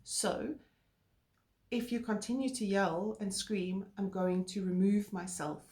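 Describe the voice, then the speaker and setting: A woman co-hosting a relationship talk, explaining calmly and earnestly with filler words. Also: medium pitch, slow pace. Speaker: co-host. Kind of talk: casual chat. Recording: roomy echo.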